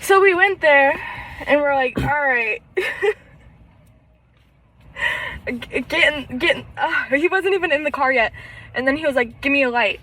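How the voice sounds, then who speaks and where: A woman's voice: sits high, a little slow, pauses often, sharp tone, a little hiss or hum, low-quality recording. A young woman co-hosting a casual podcast chat, telling a story with lots of laughter and acted-out quotes. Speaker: podcast co-host.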